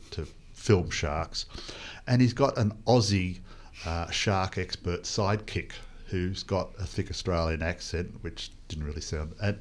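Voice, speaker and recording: A man hosting a casual film chat, talking in a loose, rambling way with many restarts. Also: low-pitched. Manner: rambling, hesitant, full of restarts. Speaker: podcast host reviewing a film.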